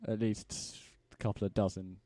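A man guests on a podcast, talking in a halting way and slipping in dry jokes. His voice is low-pitched. It is recorded close and dry. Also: flat delivery, dark tone, dry recording. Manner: hesitant, halting, with dry humour. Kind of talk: casual chat.

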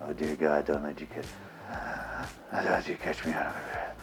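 A man's voice: rumbling low, completely flat delivery, normal speed, vocal fry, voice pushed down. A man putting on the voice of a middle-aged male action star, whispering every line, out of breath and pleading.

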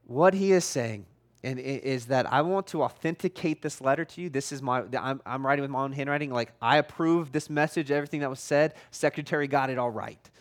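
A pastor preaching a sermon in a casual, conversational way, full of "like", and pressing his points bluntly and forcefully. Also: mid-range voice, brisk. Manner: conversational and emphatic, heavy use of "like".

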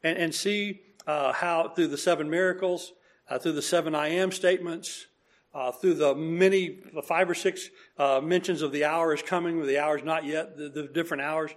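A man's voice: on the high side, fairly even intonation, normal speed. A man preaching a sermon in a conversational way, acting out quoted dialogue, with frequent fillers and restarts.

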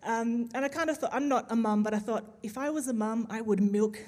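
A woman's voice: fairly high pitch, fairly quick. A woman preaching a sermon, telling stories with humour and building to emphatic, rousing passages. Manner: humorous, animated storytelling with emphatic build-ups.

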